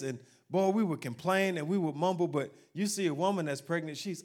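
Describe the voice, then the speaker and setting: A male pastor preaching a sermon to his congregation in an animated, humorous manner. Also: fairly high pitch, fairly quick, few pauses.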